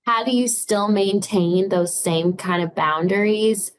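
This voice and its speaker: Woman podcast host, relaxed and chatty, mid pitch, conversational questions. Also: a little slow, poor audio.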